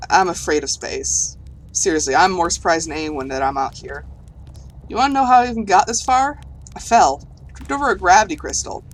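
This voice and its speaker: A woman's voice: on the low side, a little hiss or hum, natural voice. A woman voicing a timid, curious alien archaeologist who is afraid of space, reading game dialogue aloud with a put-on southern US accent, earnest and rambling. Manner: earnest, rambling, easily amazed.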